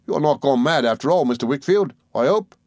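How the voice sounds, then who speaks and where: A man's voice: medium pitch, animated, brisk, a little mellow, no room sound, clean studio sound, pitched above the performer's own voice, close to an everyday voice. A man reading an audiobook, voicing a sly young male clerk who is sulky, wheedling and falsely humble. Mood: taunting.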